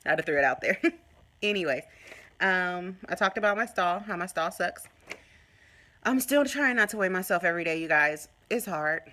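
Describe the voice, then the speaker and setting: A woman vlogging casually to her phone, telling a story in an animated way and acting out what people said. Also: fairly low pitch, moderate pace. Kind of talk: casual chat to camera.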